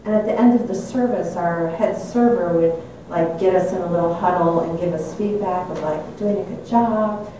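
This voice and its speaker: Speaking in a lowish voice at a moderate pace, with fairly even intonation and hardly any pauses, an older woman candidly reflects on a personal story and frequently laughs at herself. The mic sits at a distance in an echoey room, and there is background noise.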